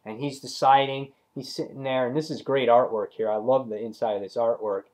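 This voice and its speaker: A man's voice: mid-range voice, fairly even intonation, fairly quick, darkish tone. Rambling casual comic book reviewer man. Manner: rambling retelling with many fillers.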